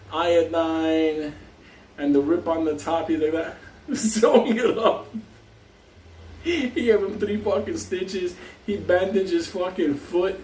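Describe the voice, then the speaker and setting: A man hosting his show tells a story in a casual, rambling style, swearing heavily and laughing often. His voice is high with a darkish tone. The recording sounds roomy and distant, with faint hiss.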